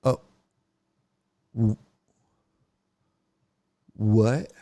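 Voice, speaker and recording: A man's voice: on the low side, drawn-out words. A man in his fifties hosting a podcast, telling a funny story with a lot of swearing and acting out what people said. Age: 50s. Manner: profane, animated, acts out quotes. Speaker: podcast host. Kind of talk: comedic storytelling.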